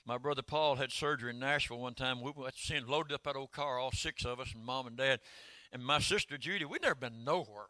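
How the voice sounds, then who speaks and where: Older man, preaching, folksy stories, rising to shouts, crisp bright tone. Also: mid-range voice, brisk, few pauses, no room sound. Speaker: pastor. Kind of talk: sermon.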